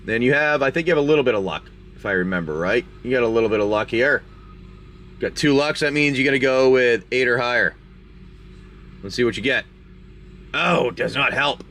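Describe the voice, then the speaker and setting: A man's voice: mid-range voice, a little fast, long pauses, fairly bright tone, a little hiss or hum. A man hosting a live stream, chatty and rambling as he narrates a tabletop game and opens card packs. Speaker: game master and card-break host.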